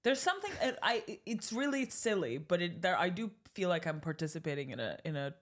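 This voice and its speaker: Woman comedian guest, lowish voice with lots of swing, cheeky crude humour. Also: sing-song. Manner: playful, quick crude jokes, laughs often. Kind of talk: casual comedic chat.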